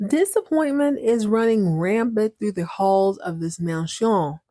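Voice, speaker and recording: A woman's voice: mid-range voice, a little slow, dark tone, dry recording, studio quality. A woman in her thirties hosting a podcast, recapping a soap opera casually with playful, sarcastic asides. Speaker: podcast host.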